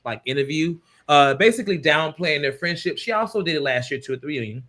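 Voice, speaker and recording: A man's voice: a little high, lively intonation, fast talker, a bit bright. A man hosting a casual reality-TV review panel over a video call, recapping loosely with lots of fillers. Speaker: podcast host.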